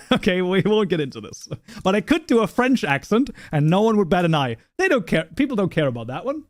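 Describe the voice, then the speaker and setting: A man's voice: fairly high pitch, no echo, studio quality. A man whose first language is German, hosting a livestream, chatting casually with viewers while rambling, laughing often, and restarting his sentences. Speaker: livestream host. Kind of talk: casual live chat with viewers.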